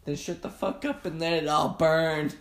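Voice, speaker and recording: A man's voice: a little high, fairly even intonation, moderate pace, reverberant. A man in casual crude chat, laughing often and acting out silly voices.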